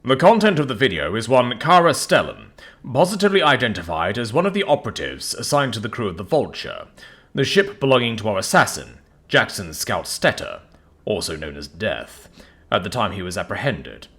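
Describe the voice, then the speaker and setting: A man voicing a dutiful noble guard captain giving a formal report in a raised, higher voice. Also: big pitch swings, brisk, fairly bright tone. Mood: grave report.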